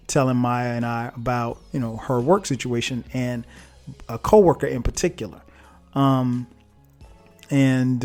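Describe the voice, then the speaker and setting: Casual male podcast host, mid-pitched and easygoing, faint music underneath. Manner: laid-back and chatty with frequent laughs and fillers. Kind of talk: casual solo podcast monologue.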